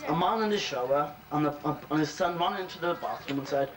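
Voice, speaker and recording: A man's voice: on the high side, fairly quick, a bit bright. Man telling crude jokes, far off. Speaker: joke teller. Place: social club gathering. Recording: distant room recording with crowd noise.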